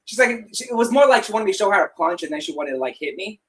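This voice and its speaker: Man, podcast co-host, casual chat, animated storyteller, heavy swearing, laughs mid-story, studio mic. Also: sits high, racing. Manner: animated storyteller, swears freely, laughs through his stories.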